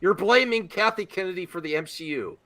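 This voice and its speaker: A man's voice: high-pitched, brisk, fairly bright tone. A man hosting a live reaction stream, laughing and exclaiming while he herds the panel through the video. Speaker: stream host.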